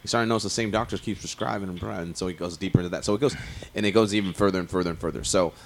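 A man's voice: deep voice, steady tone, very fast, gravelly, slight background noise. A man chatting casually as a host, rambling and profane, with many restarts and fillers. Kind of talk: casual chat.

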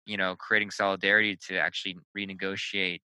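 A man in a casual discussion who talks with animated restarts and brief asides. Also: low voice, quick pace, clear, resonant tone, dry recording, low-quality recording. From United States. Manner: animated storyteller, frequent restarts.

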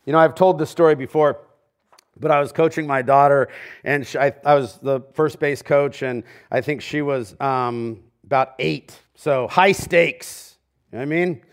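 A middle-aged man preaching a sermon as pastor in a church. He talks conversationally and drops to a near hush on key lines. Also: mid-range voice, steady tone, moderate pace. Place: church sanctuary.

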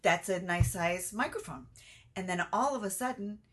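A woman's voice: mid-range voice, moderate pace, fairly bright tone, slightly rough. A woman co-hosting a casual podcast chat, candid and playful, often restarting her sentences. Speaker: podcast co-host.

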